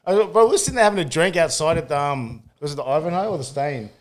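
Fast-talking aussie bloke telling stories. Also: male voice, on the high side, expressive. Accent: Australian. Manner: swearing, laughing, "bro" after every phrase. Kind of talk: casual storytelling chat.

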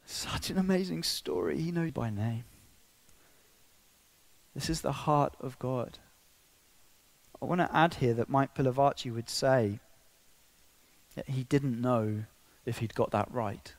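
A man preaching a sermon, building to emotional peaks then dropping to a hush. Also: medium pitch, unhurried, pauses often, no echo. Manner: impassioned, swinging between soft and loud.

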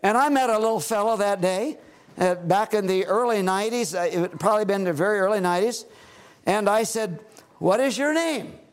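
A middle-aged man preaching a sermon at a family retreat, rising to loud exhortation and dropping to hushed, low phrases. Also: fairly quick, smooth.

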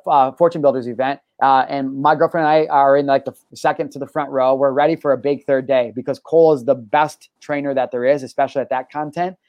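A man hosting a live talk show, telling a story in an energetic, animated way and swearing freely. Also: medium pitch, no echo. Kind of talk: casual live-stream chat and storytelling.

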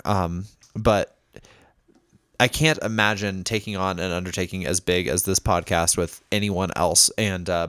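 A man's voice: low-pitched, dry recording, studio quality. A male podcast co-host in casual chat, reading a friend's journal aloud with playful, heartfelt asides. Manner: warm, playful, getting emotional.

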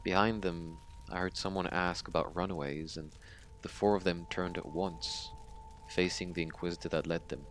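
A haunted young survivor, played by a man, recounts a massacre in an audio drama monologue. His voice sits very low, and he stumbles and repeats himself as he talks. The retelling sounds shaken. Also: fairly even intonation, fairly bright tone, slight background noise. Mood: grim. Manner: halting, stammering retelling.

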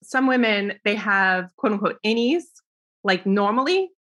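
A young woman with a bright, forward voice and a middle pitch, chatting as a guest on a podcast. She talks casually and keeps things light, often laughing and acting out quoted remarks. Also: lively intonation, a little slow. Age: young adult. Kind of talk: casual interview talk.

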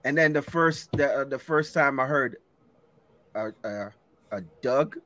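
A man from Jamaica, a cohost in casual podcast chat, telling lively stories and laughing often. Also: medium pitch, a little slow. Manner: animated storyteller, laughs often.

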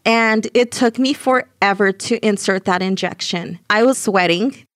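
A woman in her young adult years recounts events in an animated, conversational voice of middle pitch, often laughing and slipping into quoted voices. The sound is close and dry, with no room around it. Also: unhurried, no room sound. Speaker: interview guest. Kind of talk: conversational storytelling.

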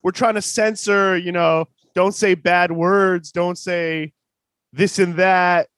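High-voiced man ranting bluntly. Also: steady tone, slow, fairly bright tone, clean tone, dry recording. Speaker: podcast guest, comedian. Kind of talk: casual podcast chat.

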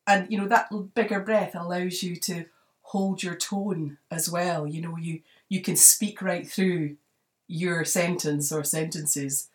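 A woman's voice: lowish voice, fairly even intonation, unhurried, far from the mic. A woman hosting a podcast, giving advice in a chatty way, often saying "you know" as she goes. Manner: conversational, many "you know" fillers. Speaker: podcast host. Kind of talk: solo advice talk.

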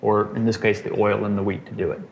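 A man leads a Bible study casually, teaching scripture conversationally, quizzing his group and checking in with "okay" and "right." He talks fast with a fairly low, creaky voice and a flat delivery, and the highs are cut off. The recording has roomy echo and faint noise.

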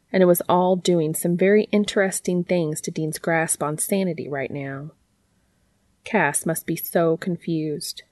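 Narrating a story in a calm, steady audiobook style, a fanfiction reader uses her lowish voice. Recorded close to the mic, the audio is dry, with no echo and no sense of room.

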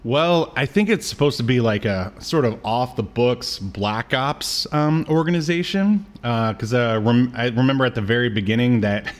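A man's voice: medium pitch, moderate pace, hardly any pauses. A man co-hosting a podcast in casual chat, joking and laughing often, trailing off into fillers. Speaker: podcast co-host.

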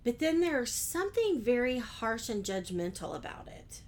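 A woman's voice: a little high, sing-song, moderate pace, a little mellow. A woman hosting her own business podcast, talking conversationally and asking her listeners questions. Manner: friendly, conversational, rhetorical questions. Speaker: podcast host. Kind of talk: solo business podcast talk.

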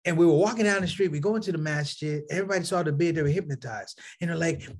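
A male stand-up comedian telling a story to his audience, calling them brothers and sisters and swinging from low asides to shouted punchlines. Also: quick pace, hardly any pauses.

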